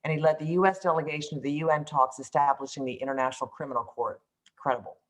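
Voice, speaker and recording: At a mid pitch, an event host reads a formal speaker introduction aloud. The reading stumbles often, with ums and restarts that correct dates and titles along the way. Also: steady tone, very fast, rough recording. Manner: reads with frequent fillers and self-corrections.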